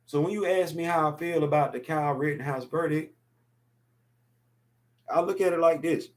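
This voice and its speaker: A man's voice: a little high, steady tone, normal speed. A man in his fifties hosting a casual opinion show, talking emphatically and repeating words to drive his points home. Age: 50s. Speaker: podcast host.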